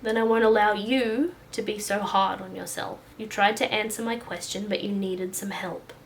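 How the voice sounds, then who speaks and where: A woman voicing a calm, firm male doctor who speaks in a gentle, hushed tone. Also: mid-range voice, moderate pace, a little hiss or hum, lightly acted. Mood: gently stern. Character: calm, stern middle-aged male doctor and caregiver.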